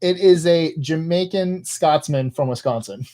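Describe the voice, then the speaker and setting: A man's voice: on the high side, a little slow, warm tone. A man co-hosting a casual live stream, teasing and laughing often.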